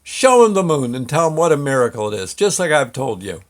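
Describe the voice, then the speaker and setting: A man's voice: on the high side, sing-song, a little fast, voice pushed down. A man playing folksy, fatherly God. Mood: patient. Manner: homespun scolding with folksy exclamations. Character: folksy fatherly God, exasperated but kindly.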